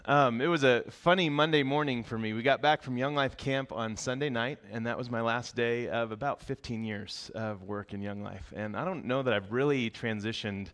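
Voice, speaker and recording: Brief: male pastor, mid-pitched, casual storytelling sermon with humor. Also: moderate pace, hardly any pauses. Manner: conversational, animated storytelling with humor.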